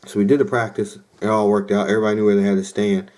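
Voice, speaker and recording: A man's voice: on the low side, flat delivery, very fast, darkish tone. A young man hosting a podcast, casually telling a rambling story with lots of fillers and quoted asides. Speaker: podcast host.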